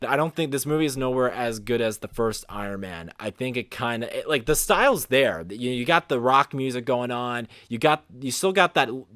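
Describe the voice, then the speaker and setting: A man co-hosting a casual movie review, rambling and repeating himself, getting louder and higher as he gets worked up. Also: no echo, studio quality. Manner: rambling, repeats words, rises in pitch and volume when animated.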